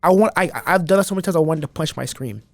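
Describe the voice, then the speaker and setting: Guy on a podcast, kinda high voice, dry close sound, rambly and animated. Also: racing, vocal fry, dry recording. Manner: animated, rambling with many restarts. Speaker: podcast guest. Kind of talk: casual chat.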